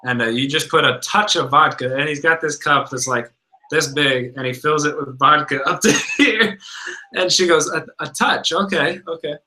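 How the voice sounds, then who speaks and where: A man's voice: a little high, moderate pace, bright, forceful tone, poor audio. A young man co-hosting a casual chat, rambling through stories with lots of filler words. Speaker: podcast co-host.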